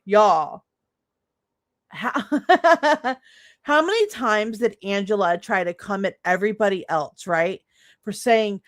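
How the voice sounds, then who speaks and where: A woman's voice: fairly high pitch, animated, takes it slowly, dry recording, clean studio sound. A woman streamer reacting to clips in casual commentary, laughing, mocking and swearing freely.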